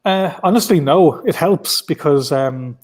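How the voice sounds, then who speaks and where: A man's voice: on the high side, measured pace, a little mellow. A man with an Irish accent, a writer guest at a convention, talking casually in a rambling way with many restarts, heard over a video call. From Ireland. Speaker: comic book writer guest.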